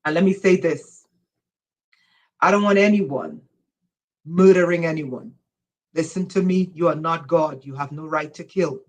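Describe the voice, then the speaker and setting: Woman spiritual teacher lecturing hard, emphatic, loud at times, keeps saying listen. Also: sits low, measured pace, pauses often, poor audio.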